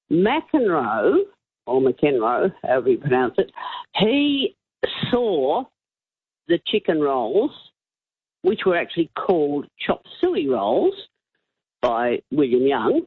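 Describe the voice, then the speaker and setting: A woman phoning in to talkback radio, her voice low, husky and lively in pitch. She insists on getting the facts right, heard through a tinny phone line. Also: no room sound. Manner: insistent, precise about facts. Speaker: caller.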